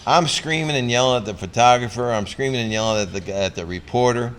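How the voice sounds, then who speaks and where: An older man speaking to an audience on stage, mixing advice with anecdotes. He acts out the scenes in his stories and gets loud when excited, with a voice of ordinary pitch. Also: fast, slight background noise. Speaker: former pro athlete giving a motivational talk. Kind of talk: motivational speech with personal stories.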